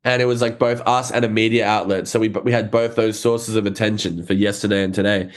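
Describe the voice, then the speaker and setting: A man hosting a podcast, talking in a relaxed, casual way, swearing now and then and readily agreeing with his guest. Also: on the low side, a little fast. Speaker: podcast host.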